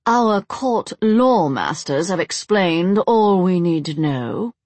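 A woman's voice: animated, takes it slowly, a little mellow, no echo. Woman putting on a pompous English vampire lord. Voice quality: deep, overly formal. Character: haughty male English vampire steward, pompous.

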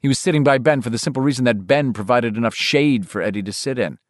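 A man narrating a novel in a measured, expressive reading. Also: medium pitch, no room sound, clean studio sound. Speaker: audiobook narrator.

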